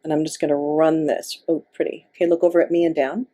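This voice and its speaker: A middle-aged woman working as a makeup artist, giving gentle, coaxing instructions to a client during a tutorial. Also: deep voice, level tone, fast talker. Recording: faint background noise.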